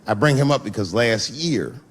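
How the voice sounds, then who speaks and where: A man's voice: mid-range voice, moderate pace. A middle-aged man doing a stand-up routine on a theater stage, telling stories and acting out the other people in them. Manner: animated storytelling, acting out voices. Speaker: stand-up comedian. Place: theater stage before a laughing audience.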